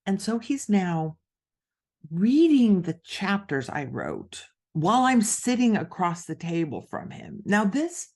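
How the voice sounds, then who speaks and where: Her voice is medium in pitch and her delivery slow. A middle-aged woman who writes books is a guest on a podcast, animatedly recounting a story in conversation and voicing the characters she quotes.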